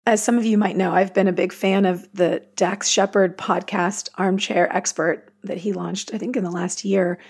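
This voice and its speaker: Woman host, meditation teacher, earnest and chatty, gravelly and husky. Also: mid-range voice, fairly even intonation, normal speed, few pauses, a little mellow. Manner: earnest, chatty, self-aware asides. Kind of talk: casual spoken intro to a guided meditation.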